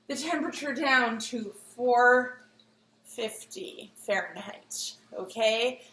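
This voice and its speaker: A woman's voice: a little high, bright, forceful tone, reverberant, low-quality recording. A woman showing a bread recipe in her home kitchen, chatty and giggly as she talks through each step. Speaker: home baker demonstrating a recipe. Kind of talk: casual cooking demonstration.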